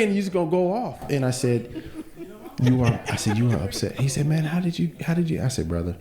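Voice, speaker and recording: A man's voice: sits low, warm tone, echoey room. A man co-hosting a casual podcast conversation, telling earnest stories and speaking about his faith. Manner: earnest storytelling with faith talk. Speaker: podcast co-host.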